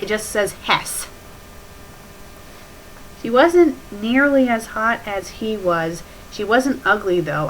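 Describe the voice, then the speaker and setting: A woman's voice: mid-range voice, bright, forceful tone, a little hiss or hum, low-quality recording. A woman hosting a fanfiction critique show, reading the story aloud and breaking in with mocking, exasperated corrections. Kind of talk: sarcastic dramatic reading with commentary.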